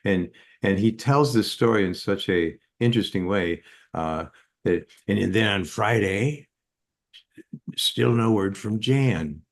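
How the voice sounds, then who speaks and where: An older man, a psychotherapist, tells anecdotes in an interview, full of fillers and restarts. He speaks slowly in a fairly low voice.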